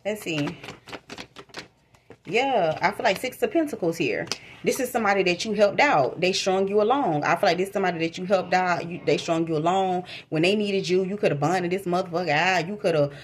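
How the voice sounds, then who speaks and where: A woman's voice: fairly low pitch, brisk, a little hiss or hum. A woman giving a casual tarot reading to her viewers, slangy and repetitive, talking straight to them. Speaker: tarot reader.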